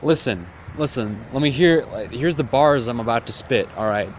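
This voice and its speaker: A man's voice: medium pitch, normal speed, a little hiss or hum, close to an everyday voice. A man voicing a summoner who trash-talks like a rapper, taunting and rambling.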